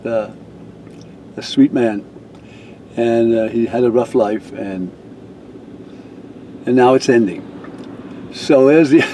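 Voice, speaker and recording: Older man, mellow rambling storyteller. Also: mid-range voice, a little hiss or hum, low-quality recording. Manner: rambling, chuckling, many restarts. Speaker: reverend. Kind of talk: casual storytelling.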